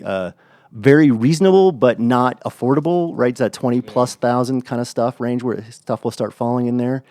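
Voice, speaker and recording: A man's voice: medium pitch, moderate pace, mellow, dry recording. A man co-hosting a podcast in casual chat, blunt and enthusiastic, with frequent fillers and restarts. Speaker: podcast co-host.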